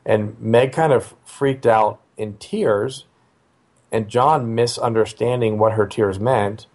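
Low-voiced father telling a family story. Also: slow pace, darkish tone. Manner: conversational, hesitant with fillers and restarts. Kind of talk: casual personal storytelling.

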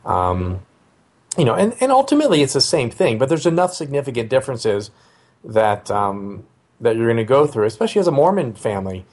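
A middle-aged man, a father, telling a personal family story in a casual, conversational way, often pausing with fillers and restarting his sentences. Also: mid-range voice, big pitch swings, a little mellow.

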